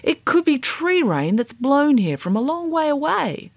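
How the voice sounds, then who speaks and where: A woman voicing a dry-witted, joking mother in a read-aloud story, with deadpan, playfully absurd reasoning. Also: high voice, measured pace, no echo, pitched above the performer's own voice, exaggerated voice. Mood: teasing.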